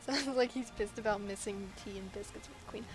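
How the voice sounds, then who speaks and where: A woman chatting casually while she draws, rambling and giggly with self-deprecating asides. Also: mid-range voice. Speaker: artist drawing on stream. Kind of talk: casual chat while drawing.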